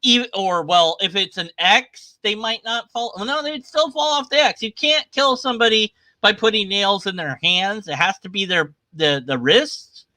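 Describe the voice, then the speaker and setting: Irreverent male commentator, bright tense tone, dry close sound, mocking delivery. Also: high-pitched, normal speed, few pauses, dry recording. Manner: sarcastic, irreverent. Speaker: atheist commentator. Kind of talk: casual commentary reading scripture. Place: at his computer sharing his screen.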